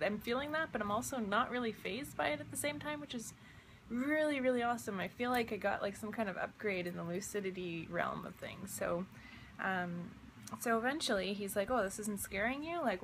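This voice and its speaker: Just awake, a young woman who vlogs and makes visionary art talks through her dream in a mid-range voice. It's a casual, wondering ramble stuffed with fillers, and a faint hiss or hum sits underneath.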